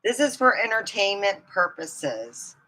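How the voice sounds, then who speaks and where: A woman's voice: mid-range voice, big pitch swings, measured pace, sharp tone, poor audio. A woman vlogger in casual chat, rambling and laughing as she talks. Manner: rambling, chatty, laughs often.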